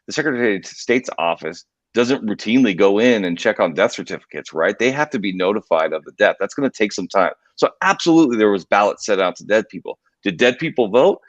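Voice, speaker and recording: A man on a podcast, explaining politics in a measured, hedging way, with restarts. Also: lowish voice, expressive, no room sound. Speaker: guest. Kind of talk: podcast discussion. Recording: dull lo-fi remote audio.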